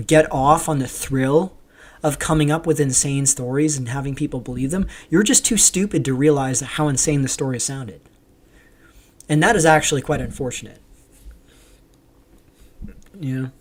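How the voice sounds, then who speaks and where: A man's voice: on the high side, normal speed, pauses often. Rambling Canadian-raised man streaming. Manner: reads viewer chat aloud and answers it; rambling with frequent ums. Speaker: livestream host. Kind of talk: casual livestream commentary.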